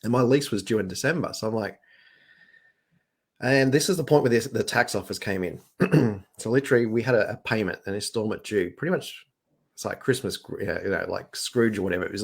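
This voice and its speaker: A man, telling his business story in a casual, animated way and acting out what others said. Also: lowish voice, fairly quick, gravelly, breathy edge. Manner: animated, acts out quoted voices. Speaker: business owner guest.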